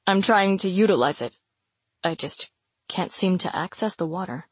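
A woman voicing an intense young man with a deep, throaty voice who speaks quietly and earnestly. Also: lively intonation, moderate pace, slightly rough, dry recording. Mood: tender.

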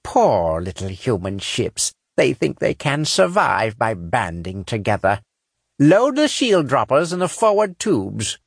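A man's voice: medium pitch, very animated, unhurried, creaky, husky, no echo, clean studio sound, voice pushed up, heavily acted. A man voicing a cruel, contemptuous female alien ship commander in an audiobook. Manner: snappish, contemptuous.

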